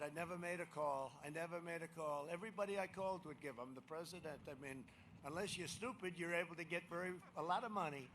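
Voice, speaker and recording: A man's voice: sits high, fairly bright tone, slight background noise. An older man giving a rambling, boastful rally speech and mocking his opponents. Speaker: campaign rally speaker. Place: outdoor rally crowd.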